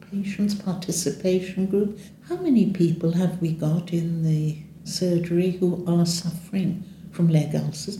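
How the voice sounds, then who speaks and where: A fairly low-pitched older woman gives her testimony as a patient in an interview, speaking plainly and with dry humor while acting out quoted voices. There's a little hiss or hum on the recording, made in an echoey room with soft music playing.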